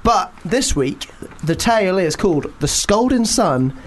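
A man's voice: high-pitched, big pitch swings. A man co-hosting a radio show, bantering casually and playfully while laughing often. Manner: giggly, playful, quick to laugh.

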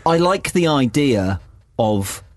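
A British man co-hosts a casual podcast. He tells stories in a relaxed, jokey way, with plenty of ums. His voice sits at a middle pitch. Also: slow pace, no echo. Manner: chatty, jokey storyteller with um and uh. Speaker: podcast co-host. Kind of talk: casual chat.

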